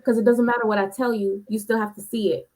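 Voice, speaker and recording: A woman's voice: on the high side, level tone, fast, a little mellow. A woman in a casual podcast discussion who argues her point insistently, often restarting her sentences. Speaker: podcast co-host.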